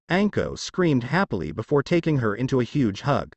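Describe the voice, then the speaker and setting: A man reading fan fiction aloud, with animated storytelling. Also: medium pitch, moderate pace, few pauses, no room sound.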